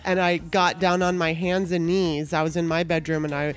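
A woman's voice: lowish voice, level tone, normal speed, soft background music. A woman hosting her own podcast, talking casually in a chatty, irreverent way and swearing now and then. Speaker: podcast host. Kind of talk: casual monologue.

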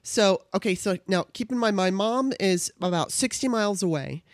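A woman's voice: mid-range voice, expressive, moderate pace, dry recording, clean studio sound. A woman from Southern California telling a personal story in casual chat. She acts out the voices of the people in it and laughs as she goes.

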